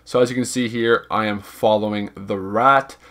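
A man's voice: on the low side, fairly even intonation, moderate pace, fairly bright tone. A young man casually narrating a gameplay guide, informal and rambling, hedging his numbers and repeating himself as he explains each step. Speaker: gaming video guide creator.

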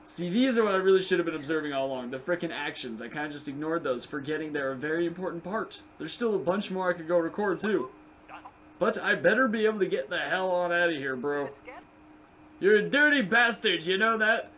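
A young man giving casual, excitable gameplay commentary, swearing and chatting to the game's creatures. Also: on the high side, fast. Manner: excitable, profane, talks to game creatures. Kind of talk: casual let's play commentary.

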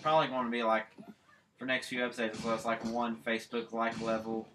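A man's voice: mid-range voice, little pitch movement, brisk, bright, forceful tone, faint music behind. A man doing let's play commentary, rambling and talking to himself while he plays. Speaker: gaming channel host.

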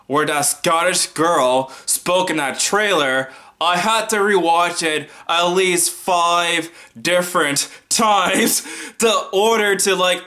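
A young American man giving loud, mocking political commentary, laughing now and then as he talks. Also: on the high side. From United States. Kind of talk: casual opinion commentary.

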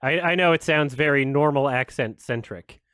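A man hosting a casual reaction video, laughing often, swearing and breaking into loud excited exclamations between quieter musings. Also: on the high side, normal speed, slight background noise.

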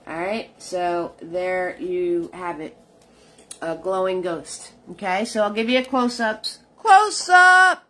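A woman's voice: lowish voice, fairly even intonation, takes it slowly. A woman leading a live painting tutorial, chatting with her viewers as she works. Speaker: painting instructor.

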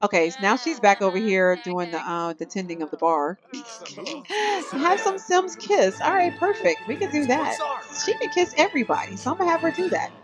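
A woman's voice: fairly high pitch, expressive, normal speed, over music. Brief: young female let's-play host, chatty, laughs a lot, playful commentary. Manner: chatty, laughs often, voices her characters playfully. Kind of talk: casual gameplay commentary.

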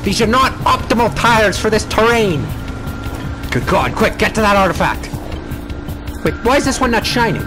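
A young man hosting let's play commentary, excitable and frantic, swearing often. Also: high voice, normal speed, pauses often. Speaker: gaming channel host. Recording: game music underneath.

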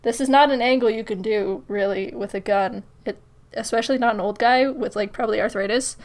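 A woman's voice: on the high side, a little fast. A woman casually commenting while playing a point-and-click game, giggling and swearing freely. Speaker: gamer. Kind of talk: let's play commentary.

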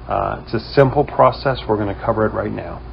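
A man with a New England accent hosting a casual how-to tutorial, relaxed and full of "um" fillers. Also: lowish voice, brisk, gravelly, highs cut off. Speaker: host of a security camera company channel.

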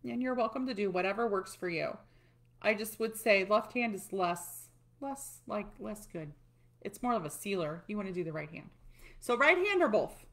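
A woman's voice: mid-range voice, lively intonation, moderate pace. A middle-aged woman casually walking viewers through a tapping routine, chatty and self-deprecating as she demonstrates. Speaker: tapping coach. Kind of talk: casual instructional talk.

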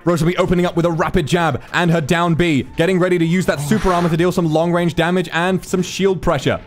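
A man giving excited, hyped play-by-play commentary on a video game match, swearing casually. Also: fairly high pitch, fast, faint music behind. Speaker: tournament commentator.

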